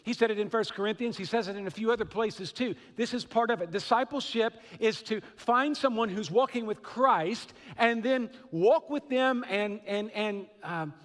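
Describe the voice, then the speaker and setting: A man's voice: high-pitched, normal speed, hardly any pauses, fairly bright tone, long reverb tail. A middle-aged man from Western Kentucky with a Southern accent, preaching a sermon in an earnest, conversational way with asides. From Western Kentucky / Southern Illinois. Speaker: pastor.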